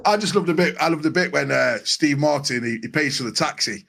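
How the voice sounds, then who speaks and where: A podcast panelist with a fairly bright, creaky voice on the high side talks fairly quickly in casual chat. He swears freely, laughs, and acts out quotes from films he loves.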